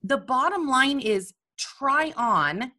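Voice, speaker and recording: A woman coach speaking in a candid, animated, self-mocking personal monologue about her own feelings. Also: sits high, takes it slowly.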